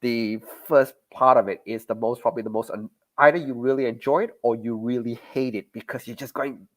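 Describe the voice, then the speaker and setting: A man chats loosely on a podcast, his voice sitting at an ordinary middle pitch. He talks with animation and laughs often between points. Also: steady tone, a little fast. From Australia. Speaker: podcast host. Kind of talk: casual chat about a TV series.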